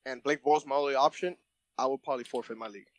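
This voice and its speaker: A man's voice: medium pitch, very fast, no room sound. A young man co-hosting a podcast, chatting casually and jokingly, often repeating his words. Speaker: podcast co-host. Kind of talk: casual sports chat.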